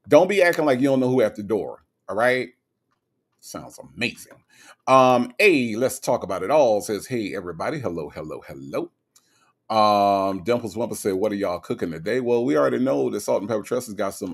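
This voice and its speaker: Sassy man with a lively voice. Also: lowish voice. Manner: playful, sassy, teasing. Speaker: livestream host reading chat. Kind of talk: casual livestream chat.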